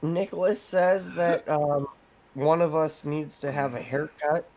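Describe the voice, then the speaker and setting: A man's voice: fairly high pitch, fairly even intonation, a little slow, darkish tone, slight background noise. A man co-hosting a casual podcast who rambles and swears casually as he jokes. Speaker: podcast co-host.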